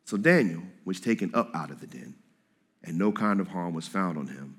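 A man preaching a sermon to a congregation in a lively, conversational way, reading scripture and speaking in casual slang. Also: low-pitched, moderate pace, husky. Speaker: pastor. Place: church hall with congregation.

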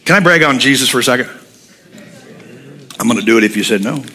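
Male pastor, bright edgy tone, animated storytelling sermon delivery. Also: mid-range voice, fast talker. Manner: animated, humorous storytelling, blunt.

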